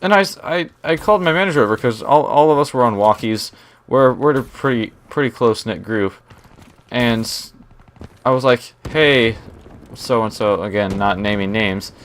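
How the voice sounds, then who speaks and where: In a story-time-over-gameplay video, a young gaming storyteller with a medium-pitched voice at normal speed rambles about his job while playing a shooter, regularly interrupting himself to react to the match.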